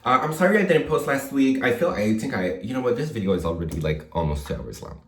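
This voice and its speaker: A man's voice: medium pitch, lively intonation, fast talker, roomy sound, recorded from a distance. A man talking casually to his viewers as a makeup vlogger, chatty, playful and self-mocking, with the odd swear. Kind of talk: casual chat to camera.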